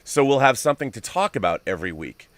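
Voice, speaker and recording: A man's voice: medium pitch, big pitch swings, fast talker, dry recording. A man hosting a live-streamed talk show, effusive and thanking his guest, moderators and co-host, with frequent restarts. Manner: effusive, talks with many restarts.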